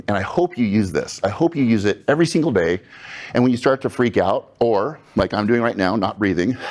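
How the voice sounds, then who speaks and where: A man's voice: medium pitch, a little mellow. A man leading a live group in a breathing exercise, talking in a casual, chatty, upbeat way with asides to the audience. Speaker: breathing workshop leader. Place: room with about twenty-five people.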